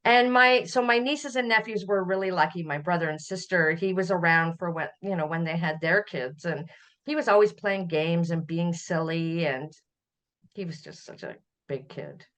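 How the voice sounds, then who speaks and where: A middle-aged Canadian woman, a podcast guest, telling family memories in a relaxed conversational way, often laughing as she recalls. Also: fairly low pitch, moderate pace. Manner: warm storytelling, laughs while recalling. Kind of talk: conversational interview.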